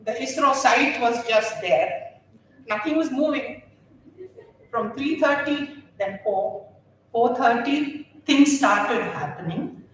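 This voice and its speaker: An older woman, a retired geography teacher giving an animated, laughing speech to former students at a reunion. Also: high voice, slow pace, slight background noise. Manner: warm, animated storytelling with frequent laughter. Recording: very echoey room, voice far from mic.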